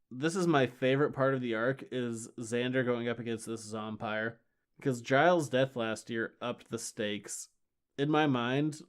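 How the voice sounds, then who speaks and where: A man's voice: mid-range voice, smooth. A man co-hosting a podcast, recapping a comic in casual, sarcastic, exasperated chat. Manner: sarcastic, exasperated, does quick character voices. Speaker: podcast co-host.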